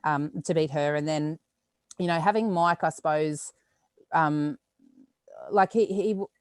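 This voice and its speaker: A woman's voice: sits low, clear, resonant tone, no room sound. An Australian woman, a weightlifter, telling stories in a casual podcast chat, acting out quotes as she goes. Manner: rapid, animated storytelling with acted quotes.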